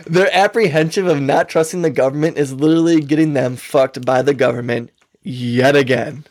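A man's voice: on the high side, steady tone, normal speed, no room sound, studio quality. A man co-hosting a podcast, rambling through casual talk with frequent swearing and laughter. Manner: rambling, profane, laughs often. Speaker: podcast co-host.

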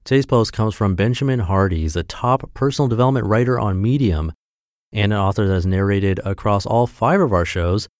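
A man's voice: lowish voice, brisk, a little mellow, no echo. A man narrating a podcast, reading a blog post aloud in an earnest, emphatic way on a close mic.

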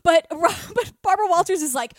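High-voiced woman podcast cohost, bouncy, swears a lot, acts out what people said. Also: fast, dry recording, studio quality. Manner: animated, laughing, swearing, acting out quotes. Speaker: podcast co-host. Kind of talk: casual chat.

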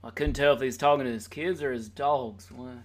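A man's voice: medium pitch, fairly even intonation, fairly quick. A man hosting a podcast in casual chat, joking and rambling as he teases his co-hosts. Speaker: podcast host.

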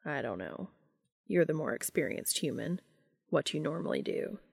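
Woman doing a stiff, deadpan male angel. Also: sits low, moderate pace, vocal fry, husky, no echo, clean studio sound, exaggerated voice. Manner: flat, formal and deadpan. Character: stiff, literal-minded male angel in a man's body. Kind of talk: fan fiction audiobook reading.

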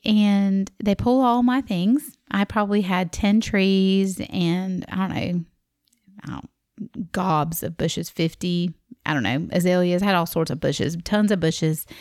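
A middle-aged woman from the American South with a Southern accent, telling a personal story in a chatty, animated way and acting out the voices she quotes. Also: on the low side, no echo, clean studio sound.

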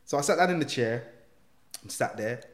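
A man's voice: mid-range voice, lively intonation, normal speed. A young man telling a story in casual chat. He acts out the other people's voices and uses slang. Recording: echoey room.

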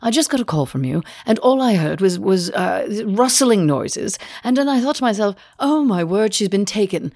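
A woman's voice: mid-range voice, animated, normal speed, few pauses, a little mellow, no room sound, clean studio sound. Woman doing a posh, fretful British granny. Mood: alarmed. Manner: dramatic, breathless worry. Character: posh, fretful elderly grandmother.

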